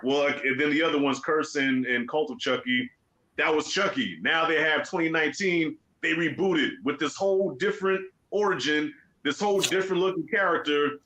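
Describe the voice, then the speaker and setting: Bright-voiced, blunt, opinionated man. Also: a little high, moderate pace, rough recording. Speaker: show host. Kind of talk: casual film discussion.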